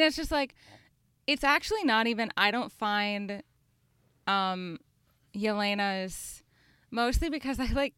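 A woman co-hosting a podcast chats casually and thinks aloud, using many filler words. Her mid-range voice is smooth and a bit bright, with no room sound.

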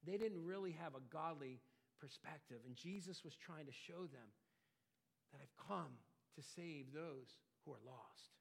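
Earnest high-voiced man preaching. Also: unhurried, vocal fry. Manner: earnest, rises and falls in pitch and loudness for emphasis. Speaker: pastor. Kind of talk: sermon.

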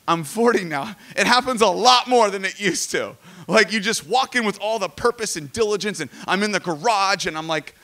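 A man in his forties preaching a sermon in a conversational, animated way with jokey asides. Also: high-pitched, a little fast. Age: 40s. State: emotional. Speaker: pastor.

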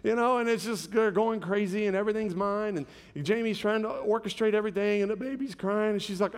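A man's voice: sits high, brisk, few pauses, in a large hall. A pastor in his thirties preaching a sermon, conversational and telling stories with humor.

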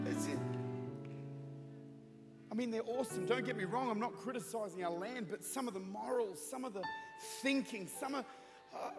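A man's voice: high voice, lively intonation, moderate pace. A man in his thirties preaching a sermon, telling a humorous story and building into fervent prayer. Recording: reverberant hall with music.

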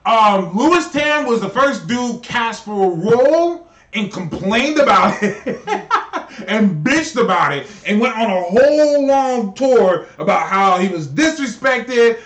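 A man co-hosting a podcast in casual chat, ranting in an animated, profane way with a lot of laughter. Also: very high-pitched, roomy sound, distant mic. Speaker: podcast co-host.

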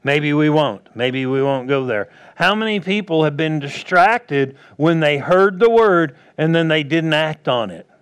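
A man preaching a sermon, acting out quoted voices and swinging between loud bursts and hushed asides. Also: fairly high pitch, animated, a little slow, few pauses, smooth.

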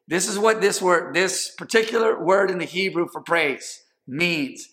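Male pastor, slightly high, bright, forceful delivery; emphatic preaching that calls for congregation response. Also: measured pace, hardly any pauses. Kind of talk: sermon. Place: church in Los Angeles.

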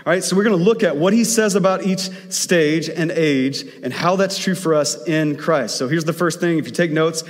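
Male pastor preaching, kinda high voice, casual storytelling, lots of hall echo. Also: normal speed, few pauses. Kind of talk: sermon.

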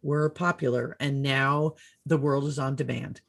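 A middle-aged woman hosting a casual panel chat, playful and quick to laugh. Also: very deep voice, fairly even intonation, vocal fry. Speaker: host.

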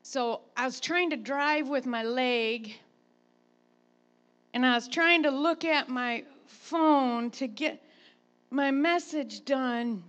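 A woman pastor, a grandmother, preaching a sermon and telling a chatty, animated personal story. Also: sits high, slow, highs cut off.

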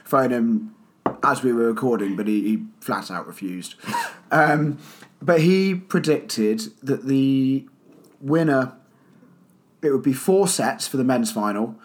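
A man co-hosting a podcast, chatting casually, often chuckling and pausing with fillers. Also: medium pitch, expressive. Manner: amused, chuckling, hesitant with fillers. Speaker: podcast co-host. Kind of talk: casual chat.

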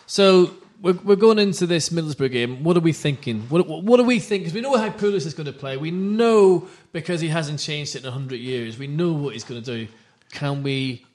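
A man's voice: fairly high pitch, fairly quick, few pauses, darkish tone. A man hosting a casual football podcast, chatty and jokey, with a London accent. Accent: London English. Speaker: podcast host.

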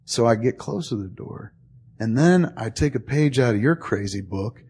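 A man telling a long story to a friend in casual talk, profane and animated, acting out both sides of the dialogue. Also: medium pitch, normal speed, slightly rough.

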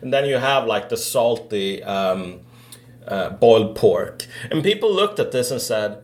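A man co-hosting a casual podcast chat, talking slowly with many fillers and hesitations. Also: on the low side, lively intonation. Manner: slow, hesitant, lots of fillers. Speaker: podcast co-host.

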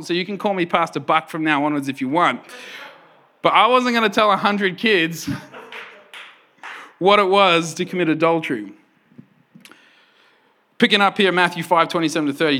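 A man in his thirties preaches, his voice bright and forward and sitting a little above the usual male range. He tells stories in an animated way, laughing often. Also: fairly high pitch. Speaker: pastor. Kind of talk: sermon.

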